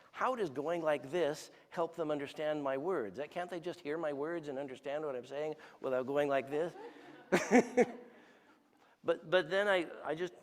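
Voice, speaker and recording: In a church hall, a man in his sixties guest-preaches in a conversational way, sharing stories and putting questions to the audience. His voice is fairly high, and the sound is that of a big room.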